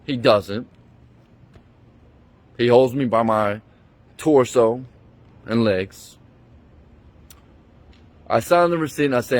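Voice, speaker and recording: A male vlogger angrily recounts a bad experience in an indignant, profanity-filled storytime rant, holding a phone he keeps passing from hand to hand. His voice is mid-range and he speaks slowly, leaving long pauses. The recording is dry.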